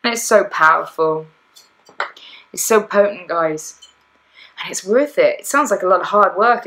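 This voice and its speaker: A woman's voice: medium pitch, expressive, measured pace, pauses often, fairly bright tone, poor audio. A woman life coach talking bluntly in a podcast monologue, acting out inner voices as she goes.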